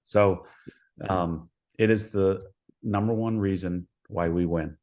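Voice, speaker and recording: A man with a very deep voice tells stories as a podcast guest, in a folksy, homespun way. He acts out the dialogue in his anecdotes as he goes. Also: fairly even intonation, slow pace, a little mellow, highs cut off. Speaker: head softball coach, podcast guest. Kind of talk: storytelling in a podcast interview.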